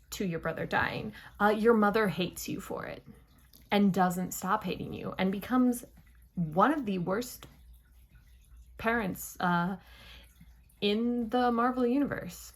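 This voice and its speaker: A young woman giving a chatty, playful spoiler review of a TV episode, full of dramatic asides. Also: mid-range voice. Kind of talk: casual spoiler review monologue.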